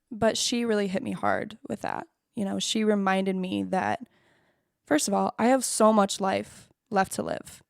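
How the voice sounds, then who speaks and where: Young woman in her twenties, candid vlog monologue, blunt and self-deprecating, curses often, mid-pitched voice, dry close sound. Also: vocal fry, a little mellow, no echo. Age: 20s. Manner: frank, swears freely, self-deprecating. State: choked up at times. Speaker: vlogger.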